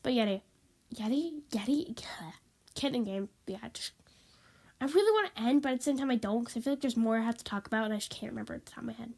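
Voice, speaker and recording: Her slightly high voice is gravelly and darkish in tone, and she talks very fast. The woman records a casual, rambling vlog on a tablet mic, sounding stuffy, sniffling, apologetic, and repetitive.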